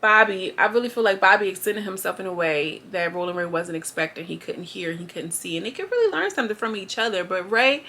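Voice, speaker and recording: A woman's voice: mid-range voice, brisk, few pauses, bright, forceful tone, slight background noise. A woman YouTuber giving a chatty, slangy recap of a reality show, acting out the quotes as she goes. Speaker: YouTube reviewer.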